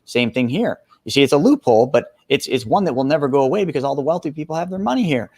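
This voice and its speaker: A man's voice: medium pitch, fast, breathy edge, no echo. Fired up 40s guy on a podcast, punchy, dry sound. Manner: energetic and emphatic, addresses listeners as folks. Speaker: guest expert. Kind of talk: podcast interview.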